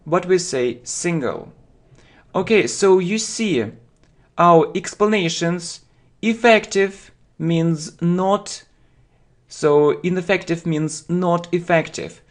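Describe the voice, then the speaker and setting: Very slow, deliberate male English teacher. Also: sits high. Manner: slow, deliberate, repeats words for learners. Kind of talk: slow vocabulary lesson for learners.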